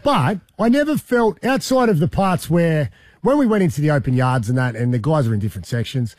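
An Australian man hosting a radio show, upbeat and chatty and quick to joke. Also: a little high, expressive, a little mellow, no echo. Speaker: radio host. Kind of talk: breakfast radio chat.

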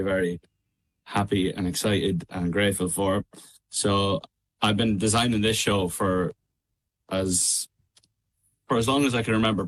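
A young Irish man with a midlands accent speaks in a fairly low voice. He sounds easygoing on a radio interview call, talking casually with plenty of ums, restarts and quick laughs. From Ireland. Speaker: guest singer. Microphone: remote call.

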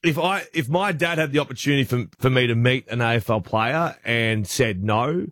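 An Australian man hosting a breakfast radio show, telling rambling, chatty anecdotes with quick restarts. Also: mid-range voice, fairly bright tone, no echo, studio quality. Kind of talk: casual radio banter, storytelling. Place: radio studio.

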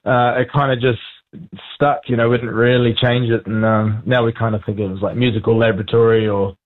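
A man's voice: mid-range voice, level tone, a little fast. A man with a New Zealand accent, a band frontman chatting casually and laughing easily as a phone guest. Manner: laid-back, laughs easily. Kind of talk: casual interview chat. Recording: tinny phone line.

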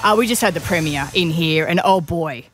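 A woman co-hosting casual radio chat, modest and quick to laugh off requests. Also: lowish voice, faint music behind. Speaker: radio co-host.

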